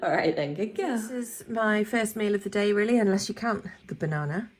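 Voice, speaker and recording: A woman's voice: animated, a little fast. A woman with a sore throat, chatting casually in a vlog with many ums and asides. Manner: talks in high baby-talk to her pet bird. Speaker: vlogger.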